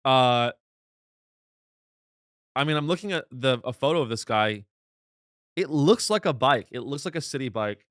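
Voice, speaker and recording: A man's voice: medium pitch, lively intonation, normal speed, pauses often, fairly bright tone, no echo. A male comedy host talks his way through a news story in a rambling, sardonic monologue. He often restarts his sentences. His voice sits mid-range and sounds dry and close to the mic.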